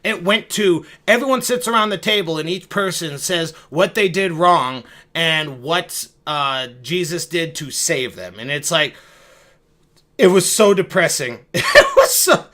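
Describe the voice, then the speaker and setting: A man's voice: fairly high pitch, expressive, a little slow, sharp tone. A young man telling a rambling, profane, self-mocking story straight to his viewers. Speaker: video creator. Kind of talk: casual storytelling monologue.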